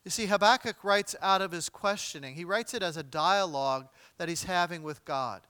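A man's voice: sits high, moderate pace, bright, forceful tone, clean tone, no room sound. A man preaching a sermon as pastor, conversational with light humor, turning dramatic when he reads scripture aloud. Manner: dramatic readings with wide swings in volume.

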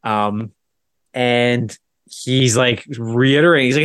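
A man's voice: mid-range voice, slow, clear, resonant tone, dry recording, studio quality. A man co-hosting a podcast, casually telling a long anecdote and acting out both sides of the conversation. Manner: animated retelling, acts out both sides with repeated "I go". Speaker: podcast co-host. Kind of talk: casual storytelling chat.

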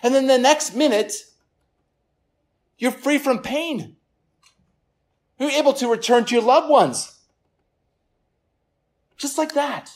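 A pastor preaching a sermon to a gathered congregation. The delivery is earnest, often repeats words, and falls quiet for emphasis. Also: high-pitched, slow pace, pauses often. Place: church service room with listeners.

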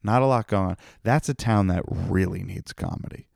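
A man's voice: lowish voice, normal speed, vocal fry, darkish tone, no echo, studio quality. A comedian hosting his own podcast, rambling and profane in a tired, self-mocking solo monologue. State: tired, yawning.

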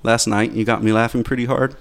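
A man's voice: medium pitch, steady tone, quick pace, vocal fry. Easygoing man who swears a lot. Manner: easygoing, swears freely, says dude and man. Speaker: podcast guest. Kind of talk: casual chat.

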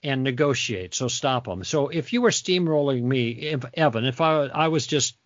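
A man's voice: medium pitch, expressive, moderate pace, no echo. A man being interviewed as a guest author, explaining conversation tactics in a teacherly way and acting out sample dialogue. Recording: dull lo-fi dry sound.

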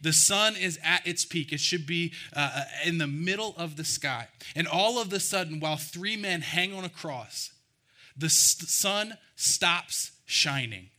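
A man preaching a sermon, reading scripture slowly and speaking earnestly with deliberate pauses. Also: on the high side, pushed and bright. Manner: earnest, pauses to let lines land, reads scripture slowly. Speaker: pastor.

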